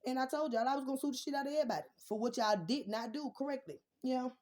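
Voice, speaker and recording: Young woman going off fast, lots of cussing, darker mellow tone. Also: high-pitched. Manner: profane, blunt, defiant, rising to shouts. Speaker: vlogger. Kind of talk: heated personal rant.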